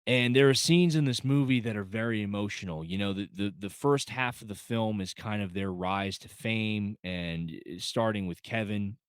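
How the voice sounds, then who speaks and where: A man's voice: on the low side, normal speed, hardly any pauses, smooth, no echo, clean studio sound. A man casually reviewing a film, rambling with many fillers and restarts, choked up and holding back tears. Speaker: movie reviewer.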